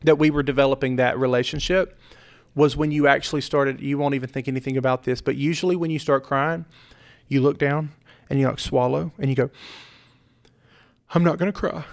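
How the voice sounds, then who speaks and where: A man's voice: medium pitch, steady tone, a little fast, creaky. A middle-aged man, a pastor and podcast host, talking earnestly in a heartfelt conversation and repeating points with preacherly emphasis.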